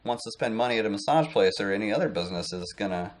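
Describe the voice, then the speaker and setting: A man's voice: lowish voice, lively intonation, very fast. A man in his late thirties talking casually to camera as a vlogger, rambling with plenty of fillers and restarts. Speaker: online business vlogger.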